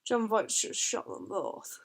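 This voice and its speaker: A woman's voice: medium pitch, sing-song, takes it slowly, vocal fry. A woman chatting casually through a film commentary from bed, often trailing off mid-sentence. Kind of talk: casual chat. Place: lying in bed indoors.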